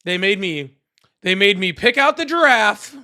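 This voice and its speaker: A man's voice: high voice, expressive, a little slow, sharp tone, heavily acted. A man doing an impression of a boastful, rambling older male president. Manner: bragging, repetitive, self-praising.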